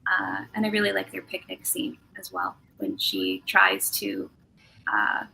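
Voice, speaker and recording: A woman podcast guest with a bright, gravelly voice and a lively melody. She speaks earnestly and warmly enthusiastic, in casual talk. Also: medium pitch, measured pace, slight background noise, rough recording. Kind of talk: casual discussion.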